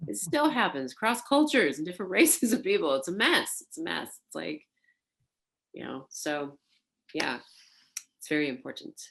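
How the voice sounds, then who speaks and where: Woman, low voice, interview storytelling, lively, laughing, lots of fillers. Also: moderate pace, gravelly. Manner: animated, laughing, acts out quoted voices, many fillers. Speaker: burlesque performer interviewed for an oral history.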